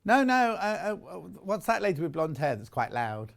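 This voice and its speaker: A man's voice: a little high, very animated, moderate pace, vocal fry. A middle-aged man presenting products live on a home shopping channel, chatty, enthusiastic and jokey about himself.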